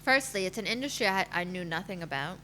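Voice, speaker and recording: This matchmaker, a woman in her thirties, is a fast talker with a lowish, animated voice that comes across bright and forceful. As a podcast guest she shares her own story frankly, filling it with fillers, while a faint hum sits under the recording.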